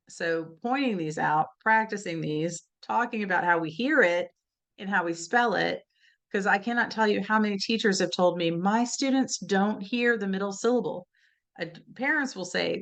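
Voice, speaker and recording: A woman's voice: lowish voice, fairly bright tone. A woman giving an explanatory webinar lecture on spelling, talking conversationally and often checking in with "right?". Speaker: literacy educator presenting a webinar.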